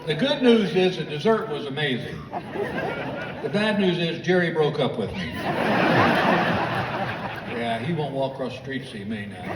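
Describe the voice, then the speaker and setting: A man's voice: on the high side, heavy background noise. An American man doing stand-up, telling long stories and acting out the people in them. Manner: animated, acts out the people in his stories. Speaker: stand-up comedian. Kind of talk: stand-up storytelling. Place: large theater stage. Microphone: stage PA, filmed from the audience. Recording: distant, echoey theater recording with crowd laughter.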